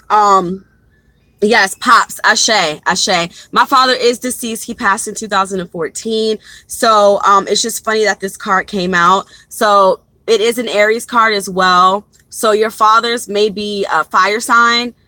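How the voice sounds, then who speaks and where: A woman's voice: mid-range voice, bright, forceful tone, dry recording, rough recording. A young woman giving a casual live tarot reading from her car into a phone, chatty and rambling, talking straight to her viewers. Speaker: tarot reader. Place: parked car.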